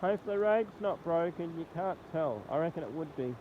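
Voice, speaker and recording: A man's voice: a little high, animated. Man, Australian accent, nasal congested voice, rambling vlog talk, outdoors, faint background noise. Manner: rambling, halting commentary. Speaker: vlogger. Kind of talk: casual phone vlog. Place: outdoors beside a flooded road in rain. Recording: tinny, lo-fi phone audio with faint noise.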